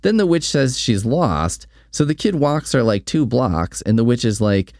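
A man's voice: medium pitch, wildly swooping pitch, moderate pace, hardly any pauses, a little mellow, no echo. A man giving a casual, sarcastic spoken book review, dry in his commentary.

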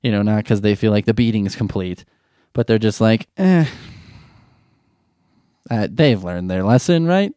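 A man reading a sentimental story aloud and mocking it with sarcastic, deadpan asides. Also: on the low side, brisk, smooth, dry recording, clean studio sound. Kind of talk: mocking commentary over a read-aloud story.

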